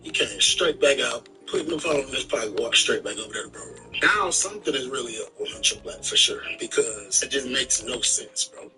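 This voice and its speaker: A man tells a long story on his live stream, loose and animated, full of slang and swearing. He sits back from the mic, so his voice sounds a bit distant. Music plays clearly underneath him the whole time. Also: mid-range voice, fairly quick, few pauses. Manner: animated, slangy retelling with profanity.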